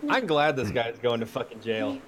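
A man's voice: mid-range voice, expressive, normal speed, slight background noise. A man co-hosting a casual podcast over a video call, talking emphatically and swearing freely. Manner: emphatic, profane, exclamatory. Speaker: podcast co-host.

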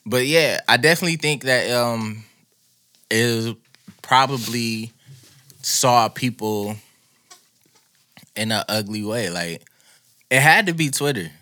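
A man's voice: medium pitch, lively intonation, slow, long pauses, sharp tone. A man co-hosting a casual podcast chat, talking loosely and profanely, rambling through his points.

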